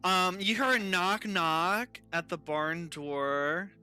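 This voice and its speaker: A game master narrating a tabletop game who talks haltingly with lots of fillers and frequent giggles. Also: mid-range voice, bright, forceful tone, clear, resonant tone, faint music behind.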